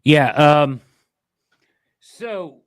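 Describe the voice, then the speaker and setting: A man co-hosting a sports podcast, speaking in a halting way with many pauses and "uh"s. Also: fairly high pitch, lively intonation, dry recording. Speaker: podcast co-host. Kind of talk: casual sports podcast talk.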